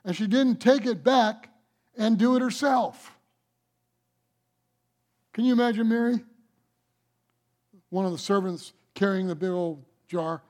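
Male pastor, high voice, emphatic sermon delivery with sudden loud and soft turns. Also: measured pace, pauses often. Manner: emphatic, swings from loud declarations to soft asides, acts out doubting voices.

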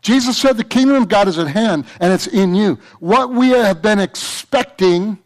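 A man's voice: high voice, expressive, normal speed. A man preaching a sermon to his church, fervent and repetitive, breaking into a story. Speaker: pastor.

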